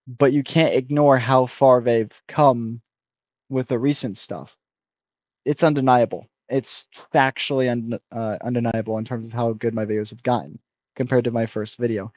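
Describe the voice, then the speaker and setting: A young man in his twenties rambles through a casual reaction stream, blunt and critical, often restarting sentences. His voice sits in a middle pitch. It is recorded dry and close, with no room sound. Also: darkish tone, no echo. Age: 20s. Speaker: streamer reacting to a review video.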